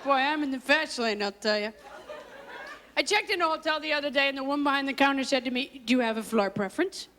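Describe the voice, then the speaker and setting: A woman performing live stand-up comedy, riffing in a quick, quirky, self-mocking way and bantering with people in the audience. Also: sits high, bright, forceful tone. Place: stage before a live audience. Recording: live audience laughter and noise.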